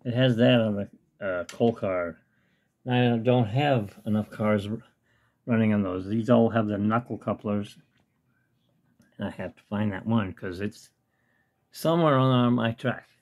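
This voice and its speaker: A man's voice: fairly low pitch, a little slow, pauses often, darkish tone. A man casually talking through his hobby work on a webcam at home, rambling and talking to himself as he tinkers. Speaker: hobbyist vlogger. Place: home hobby room with model train layout.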